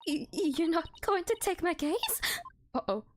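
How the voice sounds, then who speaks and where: An Australian woman voicing a timid, tearful young maid who pleads in a high, sobbing voice. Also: expressive, normal speed, a little hiss or hum. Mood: pleading.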